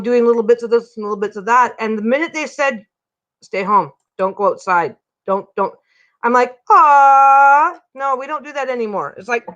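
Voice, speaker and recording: A woman's voice: fairly high pitch, fairly bright tone, muffled recording. Rambling chatty woman streaming from home. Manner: rambling, self-interrupting, chatty. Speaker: livestream host. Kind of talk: casual chat.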